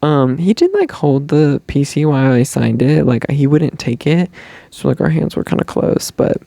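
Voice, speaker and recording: A young man tells a fan story on his podcast in a chatty, gushing way. His voice is gravelly and warm, with a dry, close sound. He rambles, restarts, and fills gaps with "like" and "um". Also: a little high, very animated, moderate pace, dry recording. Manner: gushing, chatty fan talk with many likes and ums. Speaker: podcast host. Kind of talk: casual storytelling chat.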